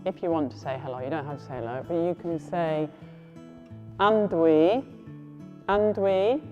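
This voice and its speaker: A woman teaching a beginners' language class, encouraging and repeating phrases slowly for learners to copy. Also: sits low, dark tone, dull audio. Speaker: Welsh language tutor. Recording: reverberant room with faint guitar music.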